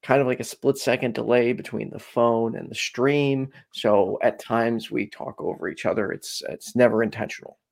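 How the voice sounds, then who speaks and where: A man's voice: medium pitch, normal speed, vocal fry, hardly any pauses. A man co-hosting a casual call-in show, rambling with many fillers and restarts.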